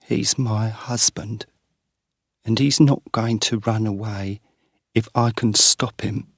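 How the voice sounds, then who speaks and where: A man's voice: on the low side, fairly even intonation, gravelly, no room sound, clean studio sound, pitched above the performer's own voice, exaggerated voice. A man voicing a weary, tearful woman, the wife of a tramp, in a storybook reading. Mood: defiant. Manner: pleading, tearful, slow.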